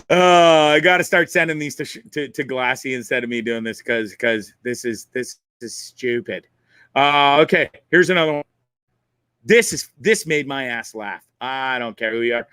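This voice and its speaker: A man's voice: fairly high pitch, bright, forceful tone, dry recording. A man hosting a live online show, casually commenting on viral videos in a profane, laughing, rambling way at a computer mic.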